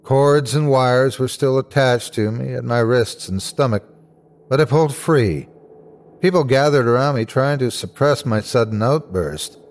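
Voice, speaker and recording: A man narrating a scary story in a scripted, dramatic way. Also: measured pace. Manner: dramatic, swings high for cries. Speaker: host and narrator.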